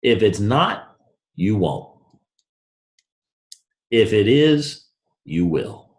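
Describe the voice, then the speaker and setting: A man's voice: big pitch swings, drawn-out words. A man giving a blunt, brash motivational talk, telling a story with a punchy, swinging delivery. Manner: blunt, brash, swings from low to shouted highs. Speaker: motivational speaker.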